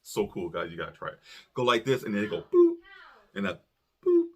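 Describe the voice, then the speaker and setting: A man co-hosting a casual chat, telling a story in an animated, profane way and acting out quotes. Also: medium pitch, brisk, creaky, husky. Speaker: podcast co-host.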